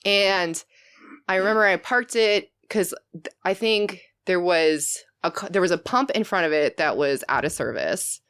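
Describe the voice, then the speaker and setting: A young woman, a podcast guest, telling stories in casual chat, animated and laughing, sometimes shouting as she acts out what she said. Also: lowish voice, unhurried, clear, resonant tone. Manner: animated, laughing, swings into loud shouted retellings.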